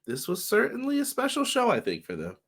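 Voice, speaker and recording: A man hosting a casual wrestling podcast livestream, upbeat and greeting viewers by name, his voice slightly hoarse. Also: high-pitched, huge pitch swings, brisk. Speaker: podcast host.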